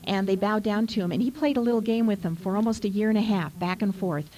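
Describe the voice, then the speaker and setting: A woman's voice: mid-range voice, fast talker, warm tone, low-quality recording. A woman co-hosting a Christian talk show, earnestly retelling a Bible story and reading scripture with feeling. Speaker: co-host.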